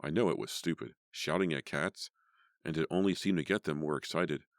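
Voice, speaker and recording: A man narrating a teen horror audiobook in a measured, even storytelling voice. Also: a bass voice, no room sound, studio quality. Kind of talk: scripted narration.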